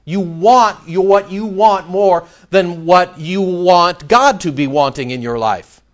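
A male pastor preaching in a church. He is animated, with sudden loud outbursts and mock back-and-forth dialogue. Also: high voice, takes it slowly, dull audio. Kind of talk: sermon.

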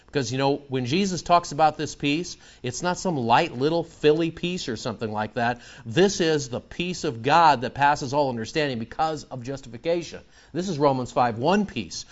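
A man preaching an expository sermon, reading scripture slowly and then explaining it conversationally. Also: mid-range voice, expressive, fairly bright tone, lo-fi sound. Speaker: preacher teaching the Bible.

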